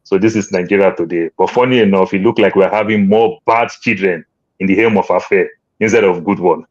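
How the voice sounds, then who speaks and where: A man's voice: low voice, brisk, no room sound, dull audio. A man giving wry political commentary as a panel guest, telling homely proverbs. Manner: wry, chuckling, tells proverbs.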